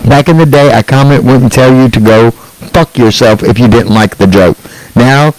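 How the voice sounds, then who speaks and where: A man's voice: mid-range voice, moderate pace, a little mellow, no echo, low-quality recording. Angry profane man doing stand-up. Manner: angry, sarcastic and profane, with mocking put-on quotes. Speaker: stand-up comedian.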